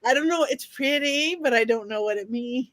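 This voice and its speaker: A woman's voice: high-pitched, moderate pace, a bit bright, dry recording. A woman in casual podcast chat who repeats herself and trails off. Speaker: podcast co-host.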